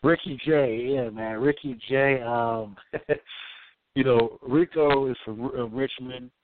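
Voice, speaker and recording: Slow and steady, this middle-aged Oakland, California musician talks in a medium pitch over a dry, phone-like line carrying a little hiss or hum. As a guest in a laid-back storytelling interview, he leans often on "man" and "you know."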